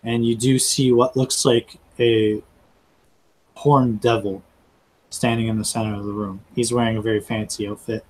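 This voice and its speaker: A man narrating a tabletop role-playing game as game master, in a halting storytelling way. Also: lowish voice, little pitch movement, rough recording.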